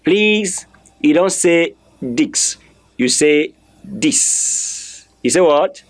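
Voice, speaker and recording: A man's voice: fairly high pitch, expressive. A man teaching a French lesson, spelling words letter by letter and repeating them for learners to copy, firmly correcting common mistakes. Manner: slow, drilling repetition with spelled-out letters. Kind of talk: online language lesson.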